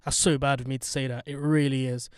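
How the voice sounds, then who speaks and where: Slangy man, smooth dry voice. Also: mid-range voice, flat delivery, quick pace, dry recording. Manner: joking, slangy, hypes things up. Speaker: podcast co-host. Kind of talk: casual chat. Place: parked car. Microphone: handheld mic.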